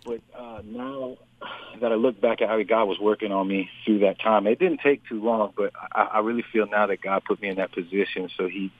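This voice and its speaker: An earnest man speaks over a tinny phone line, his voice sitting low. He talks in a halting way, restarting his sentences often. The sound is dry and close. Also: no room sound. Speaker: radio guest, musician. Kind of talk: phone interview testimony.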